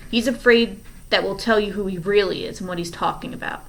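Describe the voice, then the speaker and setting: A woman's voice: medium pitch, a little fast, vocal fry, natural voice. A woman reading aloud, voicing a determined teenage girl who speaks firmly.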